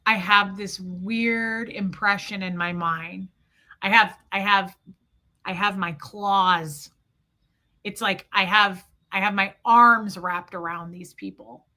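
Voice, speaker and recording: A woman hosting a livestream, talking emotionally to her viewers and swinging between yelling and quiet reflection. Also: medium pitch, steady tone, slow pace. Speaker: livestream host.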